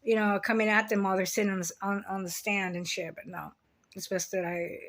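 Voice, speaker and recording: Blunt, foul-mouthed woman with a bright voice. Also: medium pitch, little pitch movement, brisk. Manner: blunt, heavy swearing, rambling with restarts. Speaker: vlogger. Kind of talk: casual confessional monologue.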